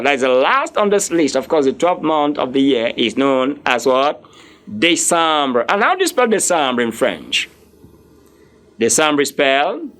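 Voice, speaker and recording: Slow, lively male teacher drilling words. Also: fairly high pitch. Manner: slow, repetitive drilling, spells words letter by letter. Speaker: French teacher. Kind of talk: classroom lesson, drilling vocabulary.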